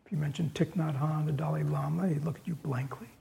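A man's voice: on the high side, steady tone, fast, gravelly, warm tone, slight background noise. A man giving a dharma talk in a loose, conversational way, with frequent fillers, who reads story passages aloud with rising force. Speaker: dharma teacher.

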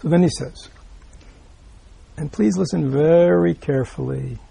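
A man giving a Buddhist dharma talk, reading out a teaching and explaining it. He often checks in with listeners by asking "right?", repeats himself, and drops into soft asides. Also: a little high, measured pace, gravelly, breathy edge, dry recording. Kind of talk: dharma talk explaining a read-aloud text.

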